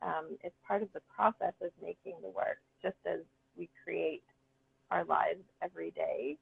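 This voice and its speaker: A woman's voice: lowish voice, fairly even intonation, normal speed, gravelly, breathy edge. A woman artist talking earnestly and enthusiastically about her work in a casual conversation. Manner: earnest, enthusiastic, many ums. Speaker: guest artist. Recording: phone-like call audio.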